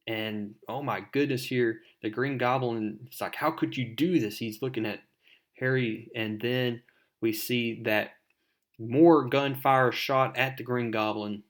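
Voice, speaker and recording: A man's voice: mid-range voice, fairly bright tone. A man hosting a casual comic book recap, talking in a loose, rambling way. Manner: loose, rambling, many "I mean" fillers. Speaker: comic book video host.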